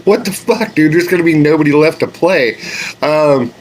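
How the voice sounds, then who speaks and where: Exasperated guy ranting casually, higher voice, faint background hiss. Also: normal speed, low-quality recording. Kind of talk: casual rant.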